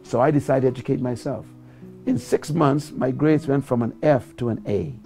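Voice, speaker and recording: A man's voice: mid-range voice, normal speed, warm tone, faint music behind. A man from the Bahamas with a Bahamian accent, telling a life story as a talk-show guest and building to preacherly exhortation. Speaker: guest speaker.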